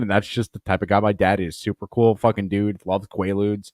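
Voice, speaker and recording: A man's voice: on the low side, steady tone, fairly quick, few pauses, a little mellow, dry recording, studio quality. A man with a Long Island accent, hosting a podcast and telling crude, rambling stories full of swearing. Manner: profane, rambling, swears a lot. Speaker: podcast host. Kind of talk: crude comedic storytelling.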